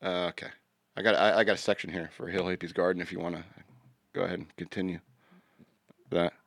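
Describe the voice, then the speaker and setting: A man's voice: sits low, flat delivery, fast talker, vocal fry, fairly bright tone, no room sound. A man co-hosting a podcast in casual banter, rambling and joking, often trailing off and restarting. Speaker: podcast co-host.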